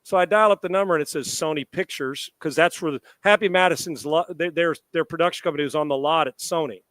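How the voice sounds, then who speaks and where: A middle-aged man with a fairly high speaking voice spins a lively anecdote on a sports talk show. He acts out both sides of the conversation and swears freely. The sound is dry and close, with no room echo. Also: fast talker. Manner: animated anecdote-telling with quoted dialogue and profanity. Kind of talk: casual storytelling on a live sports show.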